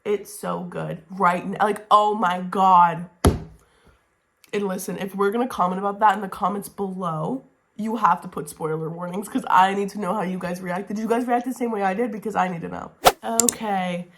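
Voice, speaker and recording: A young woman gushes about books straight into her camera at home, excitable and prone to saying everything twice. She swears casually and talks in a chatty vlog style. Her voice sits at an ordinary middle pitch. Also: moderate pace, background noise. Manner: gushing, excitable, swears casually, repeats herself. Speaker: book vlogger. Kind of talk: casual reading wrap-up vlog. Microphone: camera mic, talking to camera.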